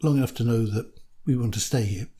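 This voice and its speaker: A man's voice: mid-range voice, quick pace, mellow. Chatty British storyteller man. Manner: chatty, anecdotal, dry humour. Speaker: storyteller, interview guest. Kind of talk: casual conversation.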